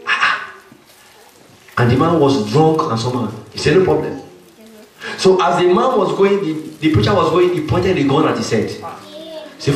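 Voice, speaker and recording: A man's voice: a little high, very animated, normal speed, pauses often, heavy reverb, far from the mic, rough recording. A man preaching a sermon as pastor, emphatic and punctuating his points with frequent "Amen".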